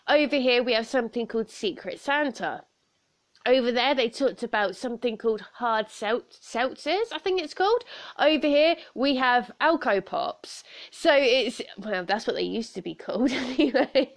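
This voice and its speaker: A young woman with a southern English accent, chatting on her solo podcast, giggling and rambling, with a stuffed-up nose. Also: fairly high pitch. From south of England. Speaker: podcast host. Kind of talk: casual solo podcast chat.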